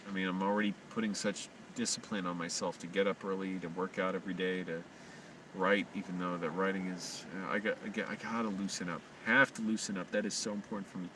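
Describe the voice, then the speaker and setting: A man rambling through a late-night livestream monologue, talking quietly and anxiously to himself with frequent restarts. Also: deep voice, little pitch movement, fast talker. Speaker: live streamer. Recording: distant mic with constant hum.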